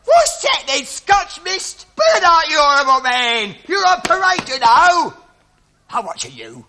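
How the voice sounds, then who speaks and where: An actor playing a bullying army drill sergeant who barks sarcastic orders. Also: male voice, very high-pitched, wildly swooping pitch, unhurried, pushed and bright, full character voice. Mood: barking orders. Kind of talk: television drama acting.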